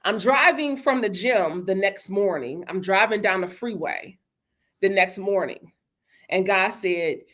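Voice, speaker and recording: A woman hosting a motivational talk, speaking emphatically and with lots of repetition, calling her listeners y'all and baby, and softening her voice when she acts out conversations. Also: medium pitch, lively intonation, unhurried. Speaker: host.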